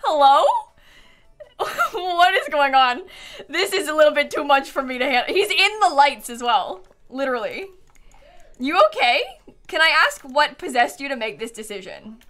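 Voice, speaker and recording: A woman's voice: sits high, expressive, normal speed, a bit bright. Bubbly, giggly young woman streamer. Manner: giggly, chatty, thanks viewers often. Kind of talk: live game stream chat. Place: home streaming setup. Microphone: headset.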